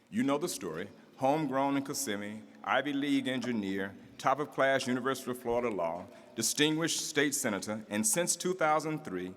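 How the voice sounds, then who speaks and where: A civic event's master of ceremonies, mid-range and fairly bright in tone, reads out formal introductions and climbs toward a rhythmic, rousing oratorical conclusion. The large event hall, filled with an audience, gives a reverberant sound with faint ambience and slight background noise.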